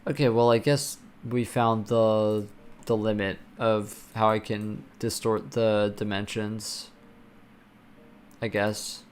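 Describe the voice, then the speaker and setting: A man's voice: on the low side, level tone, slow, slight background noise. A man live-streaming while programming, chatting casually and ranting with lots of swearing and filler words.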